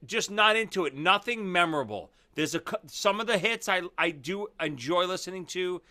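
A blunt, opinionated man chatting casually on a talk show, his voice bright and lively as it jumps around in pitch. He often trips and restarts mid-sentence before landing his point. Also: moderate pace. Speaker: podcast co-host. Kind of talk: casual chat.

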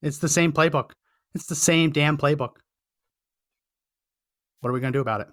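A man delivers political commentary with a tense, forceful edge. His voice sits a little high for a man, and he stays impassioned and emphatic, hammering his points by repeating phrases. The sound is close and dry, with no room around it. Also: normal speed, no echo. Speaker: podcast host.

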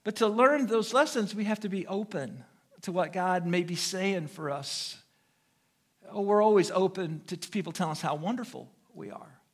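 A middle-aged American man preaching a sermon as pastor, telling stories with humor and imitating horn beeps. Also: high-pitched. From United States. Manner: animated, humorous storytelling with vocal sound effects.

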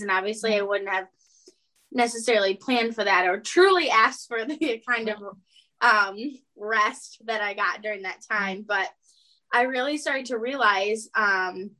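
Bright-voiced woman in her twenties. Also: fairly high pitch. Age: 20s. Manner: laughs often, relaxed and candid. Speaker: podcast co-host. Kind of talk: casual podcast chat.

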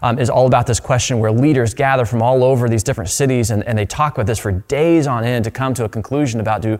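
A man preaching a sermon in a relaxed, conversational way, with frequent restarts and repeated words. His voice sits at an everyday middle pitch. A long reverb from the hall trails behind every phrase. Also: fast. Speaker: pastor.

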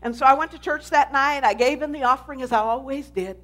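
A woman pastor giving an animated sermon testimony, telling her story with emphasis. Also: high-pitched, fast talker.

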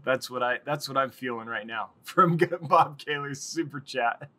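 A man's voice: medium pitch, moderate pace, pushed and bright. A man hosting a casual live stream, rambling and chatting with viewers and laughing often.

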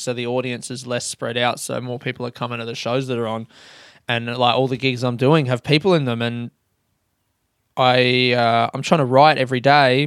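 A man's voice: medium pitch, clean tone, dry recording, studio quality. A young Australian man, a stand-up comedian, hosting a solo podcast monologue and swearing constantly in loose, rambling bursts.

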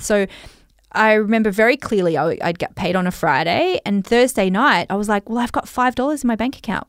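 A woman's voice: a little high, no room sound, studio quality. An Australian woman coaching listeners on money in a chatty, reflective way, with many fillers. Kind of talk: talking straight to listeners.

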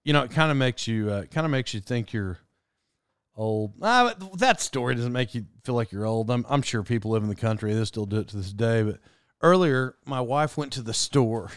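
A middle-aged man hosting a podcast, telling rambling personal stories in a casual, animated way and laughing at his own tale. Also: medium pitch, moderate pace, clear, resonant tone, no echo, studio quality. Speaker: podcast host. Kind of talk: casual storytelling monologue.

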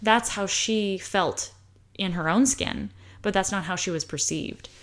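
An American woman explaining a topic in a casual monologue, animated and given to acting out quoted voices. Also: a little slow. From United States. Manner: animated, acts out quoted voices with pitch jumps. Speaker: host talking about high sensitivity.

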